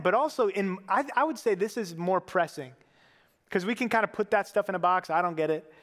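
A man's voice: high-pitched, fairly bright tone, in a large hall. A man giving a sermon as a pastor, earnest and conversational, with casual fillers.

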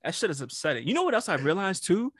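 A man's voice: sits high, sing-song, fast, fairly bright tone, husky, no echo, clean studio sound. A man co-hosting a casual podcast, blunt and argumentative, swearing freely. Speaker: podcast co-host. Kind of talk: casual chat.

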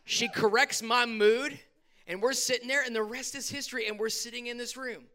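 A male pastor, preaching a sermon in a church hall with animated bursts and quick asides. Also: very high-pitched.

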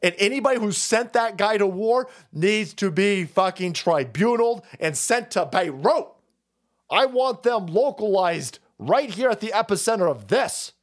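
A man's voice: high voice, animated, a little slow. A man hosting a political livestream, ranting in a heated, profane way. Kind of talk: ranting political commentary stream.

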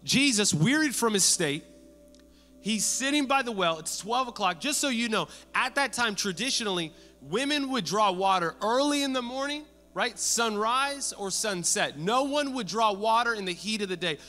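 Man preaching, high voice, bright forceful tone, long hall reverb, faint music under. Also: moderate pace. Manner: animated preaching, acting out quoted voices. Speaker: pastor. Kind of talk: sermon.

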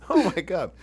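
A man telling rowdy stories to friends in casual chat, swearing a lot and laughing through his own tales. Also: darkish tone. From Phoenix, Arizona area. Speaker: storyteller among friends.

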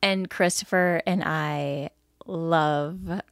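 A woman's voice: low-pitched, steady tone, extremely slow, gravelly, clear, resonant tone, no echo, studio quality. A woman co-hosting a podcast in casual chat, talkative, laughing often and sometimes losing her train of thought. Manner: chatty and laughing, trails off mid-thought. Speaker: podcast co-host.

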